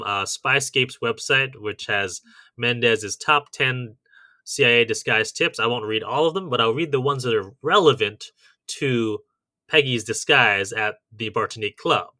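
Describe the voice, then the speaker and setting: A man's voice: mid-range voice, bright, forceful tone, dry recording. A man co-hosting a podcast in casual chat, methodically reading out a list of tips and adding his own comments. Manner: methodical, reads out lists of tips. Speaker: podcast co-host.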